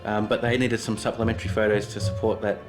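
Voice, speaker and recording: Halting man over guitar music. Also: fairly low pitch, level tone. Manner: halting, many fillers and restarts. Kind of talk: documentary interview.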